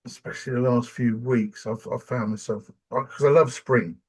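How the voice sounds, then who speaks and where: Older man, husky voice, podcast host, lively storyteller, casual chat. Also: mid-range voice, normal speed. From England. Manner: animated storyteller, acts out quoted voices.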